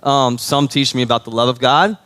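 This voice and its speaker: A man's voice: medium pitch, fairly quick, fairly bright tone. A man preaching a sermon as pastor, telling stories in a conversational way and often checking in with his listeners. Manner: conversational storytelling, checks in with the audience.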